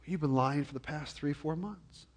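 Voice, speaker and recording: A man's voice: on the high side, moderate pace. Stammering pastor man preaching casually. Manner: frequent stammered repetitions; jokey, animated asides. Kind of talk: conversational sermon.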